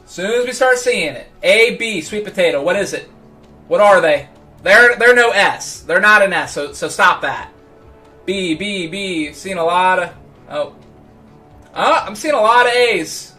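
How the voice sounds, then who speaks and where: A man's voice: high-pitched, expressive, measured pace, pushed and bright, faint music behind. A man hosting a casual livestream, rambling and stammering over repeated words as he chats to viewers. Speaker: livestream host.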